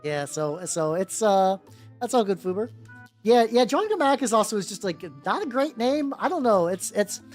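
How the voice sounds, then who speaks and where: A woman's voice: mid-range voice, lively intonation, moderate pace, darkish tone. A young woman chatting casually on a livestream, rambling with lots of restarts and greeting her chat. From United States. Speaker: streamer. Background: faint background music.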